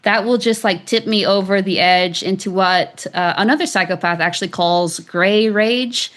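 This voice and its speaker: A woman author, a guest on an interview show, tells a personal story in a chatty, loose way, full of fillers, frequent "like"s, and laughs. Her mid-range voice is a bit bright, and she speaks at a moderate pace.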